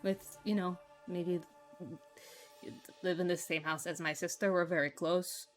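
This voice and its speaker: A woman playing a tabletop game in character, halting and dry, with lots of fillers. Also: on the low side, fairly even intonation, soft background music. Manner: halting, sarcastic, many fillers. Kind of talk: in-character role-play chat.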